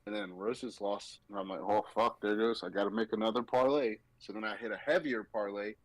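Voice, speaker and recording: A man hosting a casual sports betting podcast, animated and mocking as he talks. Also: fairly low pitch, fairly quick, dry recording, low-quality recording. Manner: animated, mocking, quotes people in sarcastic voices. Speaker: podcast host.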